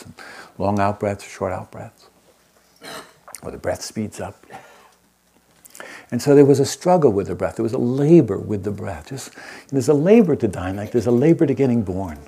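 A man who teaches meditation, telling a story to an audience in a gentle, unhurried way and often checking in with his listeners. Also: fairly low pitch, breathy edge. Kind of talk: storytelling talk to a live audience.

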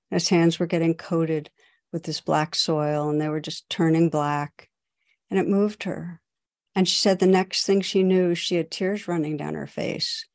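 A woman, a meditation teacher, giving a dharma talk in a gentle, unhurried storytelling manner. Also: low voice, dry recording, clean studio sound.

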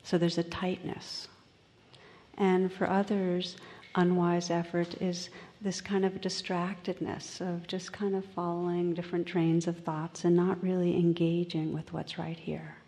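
A woman meditation teacher giving a slow, gentle dharma talk in a meditation hall. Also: on the low side, level tone. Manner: slow, gentle, soft-spoken.

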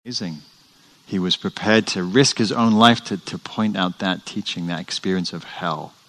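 Meditation teacher, deep voice, lively storyteller, dharma talk. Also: male voice, moderate pace, poor audio. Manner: animated storytelling, with restarts. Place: meditation center hall.

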